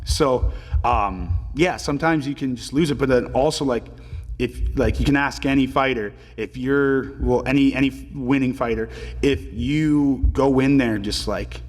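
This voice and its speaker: A man in his twenties, a pro hockey player telling stories as a podcast guest in a relaxed, filler-heavy way and swearing casually. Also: medium pitch, measured pace, long reverb tail. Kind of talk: casual storytelling interview.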